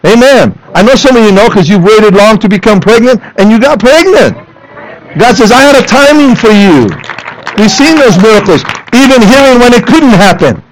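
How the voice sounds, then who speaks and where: A man preaching a sermon in church, animated, rising into loud emphatic lines and dropping to low asides for the congregation. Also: normal speed, slight background noise, low-quality recording. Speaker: pastor. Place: church sanctuary.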